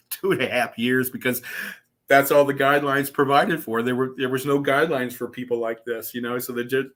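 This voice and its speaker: A man's voice: mid-range voice, a bit bright. A man telling stories as a podcast guest, a profane, laughing raconteur. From Southwest Florida. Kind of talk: storytelling interview.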